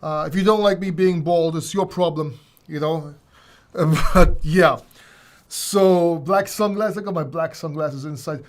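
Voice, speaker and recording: A man's voice: fairly high pitch, a little slow. A man hosting a casual crypto livestream, rambling and joking at his own expense. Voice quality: self-mocking, rambling, many restarts. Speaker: crypto channel host.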